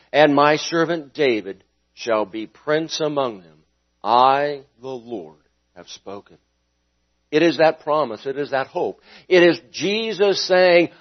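A man preaching a sermon, swinging between loud emphatic lines and quiet ones, and asking his listeners questions. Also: a little high. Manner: dynamic preaching with sharp rises and drops in volume; asks the congregation questions. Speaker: pastor. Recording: dull lo-fi sound.

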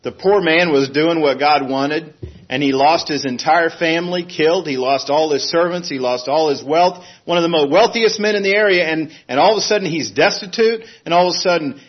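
A middle-aged man preaching a sermon in a plain, earnest way, now and then acting out a fussing parent in a sudden high voice. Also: a little fast, highs cut off.

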